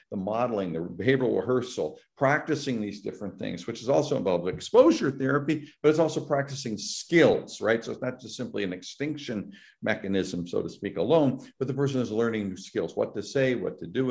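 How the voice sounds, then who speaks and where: A man's voice: mid-range voice, a little mellow. Man explaining therapy research on a call. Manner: explanatory, acts out patients' worried voices, many restarts. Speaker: psychology professor. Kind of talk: academic panel talk. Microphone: video call.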